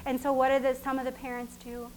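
A woman's voice: sits high, completely flat delivery, fast talker, slight background noise, rough recording. A woman preaching a sermon in a casual, conversational way that repeats its points and breaks into laughter. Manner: conversational and repetitive, with frequent laughs.

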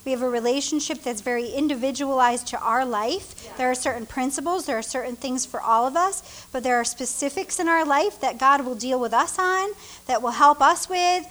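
A woman pastor preaching a sermon, reading scripture aloud and acting out the people in it with animated delivery. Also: high-pitched, moderate pace. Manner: animated, reads scripture aloud, acts out characters, laughs often.

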